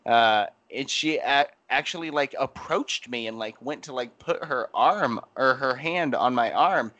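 A man co-hosting a podcast, telling a rambling, animated story in casual chat with lots of fillers. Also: medium pitch, slow. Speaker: podcast co-host.

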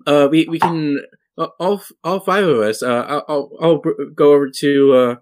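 A man's voice: on the high side, moderate pace, close to an everyday voice. A man voicing a friendly young male leader who stumbles over his words. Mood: eager. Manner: hesitant, stumbling politeness.

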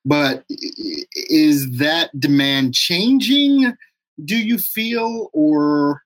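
A man hosting a casual live-stream interview, relaxed and laughing often. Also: on the high side, very slow. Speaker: show host.

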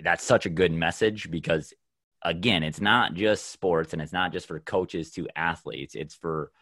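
Deep-voiced enthusiastic male host. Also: measured pace, fairly bright tone, no echo, clean studio sound. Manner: enthusiastic, uses lots of "like" and "you know". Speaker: podcast host. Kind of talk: casual podcast conversation.

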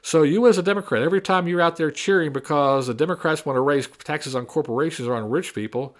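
A man's voice: a little high, fast talker. A man delivering a combative opinion monologue, repeating and mocking his opponents' arguments. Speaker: political commentator.

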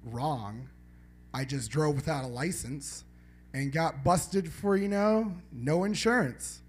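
A man's voice: a little high, slow, slightly rough. A man doing a live stand-up set in a small venue, rambling and swearing as he banters with the audience. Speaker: stand-up comedian.

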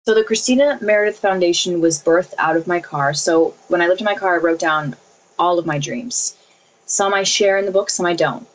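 A woman's voice: lowish voice, a little fast, rough recording. A woman in her thirties answering interview questions earnestly, repeating phrases as she speaks about faith and family. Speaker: interview guest.

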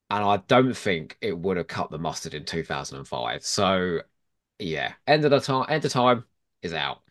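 A man talks in a casual podcast chat, eagerly making his case and opinionated throughout. His voice sits on the low side. Its pitch swings widely as he gets animated. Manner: opinionated, enthusiastic arguing. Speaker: podcast guest.

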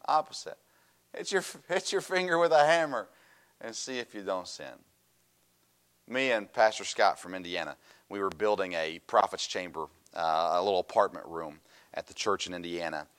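A middle-aged man delivers a sermon in a low voice. He preaches in an animated way, telling stories with a laugh and swinging between loud emphasis and quiet asides.

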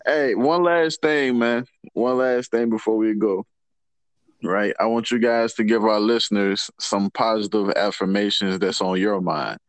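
A man hosting a podcast, joking and animated in casual chat. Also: lowish voice, measured pace, no room sound. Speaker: podcast host.

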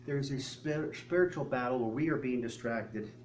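A man's voice: medium pitch, moderate pace, a little mellow. A male pastor preaching a sermon in an earnest manner, asking the congregation many rhetorical questions. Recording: distant mic with faint hum.

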